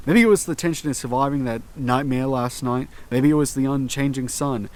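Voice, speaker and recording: A man narrates a first-person horror story in a mid-pitched voice. His reading is slow and tense, with dramatic pauses between phrases.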